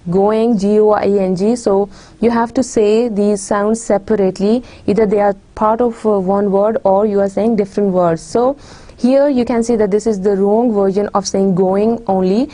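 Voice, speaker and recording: A woman's voice: medium pitch, fairly even intonation, moderate pace, warm tone. A woman giving a recorded English literature lecture, addressing her dear students often, with many fillers and restarts.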